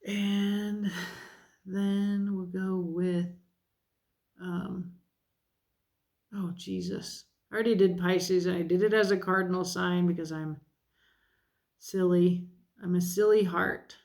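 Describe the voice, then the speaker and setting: Slow, gravelly woman reading tarot cards. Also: lowish voice, level tone, a little mellow. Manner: chatty, self-deprecating, thinking aloud. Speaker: tarot reader. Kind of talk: casual tarot card reading.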